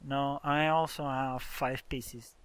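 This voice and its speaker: A man's voice: mid-range voice, fairly even intonation, slow, a bit bright, clear, resonant tone, no room sound. A man hosting a casual let's-play, explaining game mechanics and exclaiming in exasperation as he plays with a friend. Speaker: gaming channel host.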